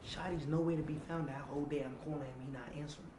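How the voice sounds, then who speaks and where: A man's voice: on the high side, fairly even intonation, racing, mellow. A man, telling a tense personal story in an interview, acting out quotes and swearing freely. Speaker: interview guest. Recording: echoey room with faint ambient noise.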